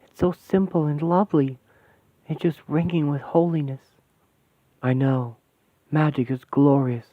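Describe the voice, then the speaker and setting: A man's voice: on the high side, fairly even intonation, a little slow, long pauses, no room sound. A man voicing a young woman mystic in a fan radio play, talking in breathless wonder and explaining mystic symbols. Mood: awed. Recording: tinny dry lo-fi sound.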